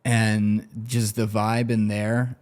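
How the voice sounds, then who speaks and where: A man's voice: fairly low pitch, level tone, slow pace, a little mellow. A man telling stories as a podcast guest, in a loose, profane, laughing way. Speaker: guest, former banker turned interviewer. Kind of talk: casual storytelling on a podcast.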